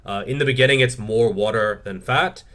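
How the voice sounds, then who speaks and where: A man's voice: mid-range voice, a little fast, sharp tone. A man answering viewer questions in a casual Q&A, reading each one aloud and then replying frankly, swearing freely. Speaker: fitness YouTuber.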